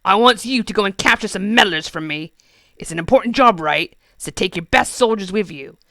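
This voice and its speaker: A woman's voice: medium pitch, animated, brisk, creaky, no room sound, studio quality. A woman reading a storybook and voicing a bossy, brutish male goblin king who bellows and bullies. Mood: bellowing. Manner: loud, bellowing, coarse and bullying.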